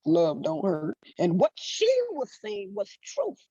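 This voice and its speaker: A woman's voice: medium pitch, huge pitch swings, takes it slowly, creaky, warm tone, breathy edge, dry recording. A middle-aged woman life coach giving a motivational monologue, emphatic and blunt, repeating her phrases and swearing freely. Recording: dull dry lo-fi recording.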